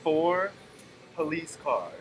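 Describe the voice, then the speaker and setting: A man's voice: a little high, slow. Laid-back man telling stories, noisy room. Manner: relaxed anecdotal storytelling. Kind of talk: casual chat. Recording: noisy background.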